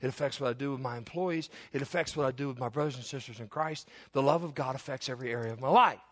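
A man's voice: mid-range voice, quick pace, a bit bright. A middle-aged man, preaching a sermon as pastor and telling homespun stories with many restarts and asides. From Eastern Kentucky.

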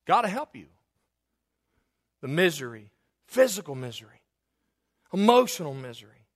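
A man's voice: very animated, moderate pace. Folksy man preaching a sermon. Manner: folksy storytelling preacher, swings from loud emphasis to low quiet asides. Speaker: pastor.

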